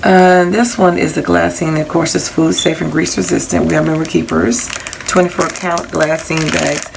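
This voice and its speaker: A woman's voice: on the low side, steady tone, moderate pace, vocal fry, background noise. A woman casually showing off craft supplies she bought, rambling a little and reading out prices and item numbers. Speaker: crafting haul vlogger.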